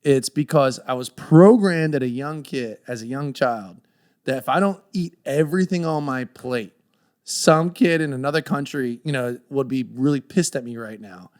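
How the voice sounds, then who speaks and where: A man in his thirties chatting on a podcast, telling lively stories and acting out the voices of the people in them. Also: mid-range voice, moderate pace. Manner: animated storyteller, acts out voices in quotes. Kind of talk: casual chat.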